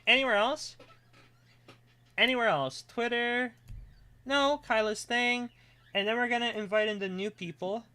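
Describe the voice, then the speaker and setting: Excitable rambling streamer, bright voice. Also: medium pitch, unhurried, long pauses, clean tone. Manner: excitable, rambling, trails off into mumbling while setting up. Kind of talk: casual live stream chat.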